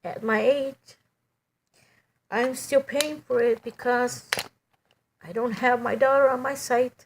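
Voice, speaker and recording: A middle-aged woman giving a halting, emotional personal testimony, full of "you know" and restarts. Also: fairly high pitch, fairly even intonation, a little hiss or hum.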